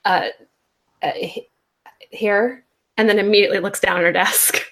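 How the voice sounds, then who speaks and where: A woman's voice: mid-range voice, steady tone, moderate pace, fairly bright tone. A woman playing a tabletop role-playing game, describing her character's actions hesitantly. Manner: hesitant, unsure narration. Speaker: player.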